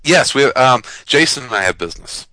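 A man's voice: medium pitch, animated, a little fast, pushed and bright, rough recording. A man co-hosting a podcast in casual chat, brash and teasing, with some swearing. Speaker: podcast co-host.

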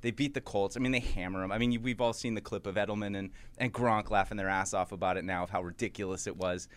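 A man's voice: lowish voice, fairly even intonation, fast. A man co-hosting a sports podcast in casual talk, rambling with frequent restarts and fillers. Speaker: podcast co-host.

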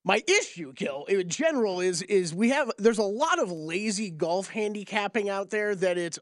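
A co-host on a sports-betting show, talking quickly with playful sarcasm. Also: medium pitch, lively intonation, no echo, studio quality. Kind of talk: casual sports-betting talk.

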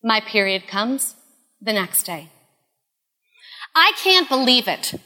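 A woman in her thirties telling a personal story in an earnest, confessional way, often dropping to a hush. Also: on the high side, big pitch swings, takes it slowly, in a large hall. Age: 30s.

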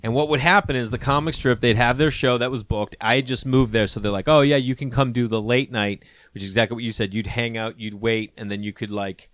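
A man's voice: mid-range voice, steady tone, fairly quick, a bit bright, no room sound. A man in his thirties or forties, a comedian hosting a podcast, chatting casually and rambling as he acts out the people he quotes. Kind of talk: casual conversation.

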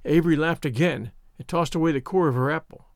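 A man narrating a storybook as an audiobook in a measured, expressive way. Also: on the high side, dry recording, clean studio sound.

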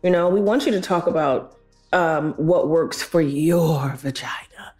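A woman co-hosting a casual chat, talking slowly and earnestly and filling her talk with "you know". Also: deep voice, a little mellow, soft background music. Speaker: co-host.

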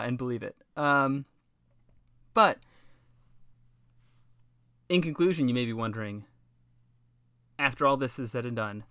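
A man co-hosting a casual history chat, animated and profane, who acts out the people he talks about. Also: mid-range voice, dry recording, studio quality.

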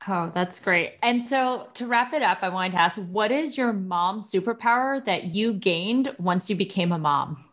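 Female podcast host, mid-pitched, conversational interviewer. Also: lively intonation, normal speed, hardly any pauses, a bit bright. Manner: conversational, asks questions with easy laughs. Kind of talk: casual interview chat.

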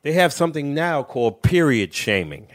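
A man's voice: fairly high pitch, very animated, normal speed, no room sound. Laid-back man co-hosting, dry sound. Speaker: podcast co-host. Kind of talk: casual podcast banter.

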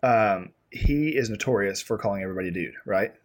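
A man co-hosting a podcast, chatting casually and telling animated, rambling stories full of fillers. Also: on the low side, fairly quick. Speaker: podcast co-host. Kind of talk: casual chat.

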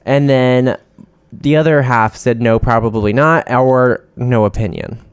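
A man's voice: mid-range voice, measured pace, clean tone, no room sound. A man co-hosting a podcast in casual chat, chatty and campy, swearing casually. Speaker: podcast co-host. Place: New York City.

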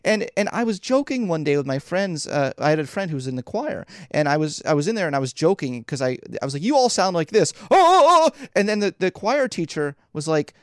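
Brief: man, podcast guest, lively storyteller, laughs a lot, dry close sound. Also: fairly high pitch, quick pace, hardly any pauses, no echo. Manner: animated, laughs often, acts out quotes. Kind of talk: casual interview storytelling.

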